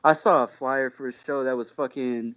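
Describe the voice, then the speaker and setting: A man's voice: medium pitch, fairly even intonation, normal speed, fairly bright tone, lo-fi sound. Slangy, swearing man telling a story. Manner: slangy, swears a lot, rambling with many fillers. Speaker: podcast guest. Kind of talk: casual storytelling chat.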